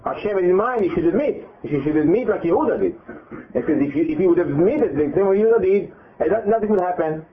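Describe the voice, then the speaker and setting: A religious teacher gives a Torah lesson to a live group, his high-pitched voice moving quickly with lively intonation. He retells scripture with many repetitions and acts out the quotes. The audio is narrow and phone-like.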